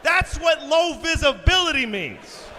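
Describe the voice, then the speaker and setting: A man's voice: very high-pitched, big pitch swings, a little slow, bright, forceful tone. A middle-aged man doing stand-up comedy, telling a story in a profane, exasperated, sardonic way. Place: live comedy venue. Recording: echoey live hall with ambient noise.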